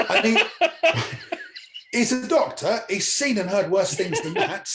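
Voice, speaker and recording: A high-pitched man with a lively, bouncing voice tells comic stories and acts out every voice in them. He is a stand-up comedian and he swears freely. The sound is roomy, with a faint hiss underneath. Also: takes it slowly. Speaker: comedian guest. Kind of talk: anecdotal storytelling. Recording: echoey room with faint noise.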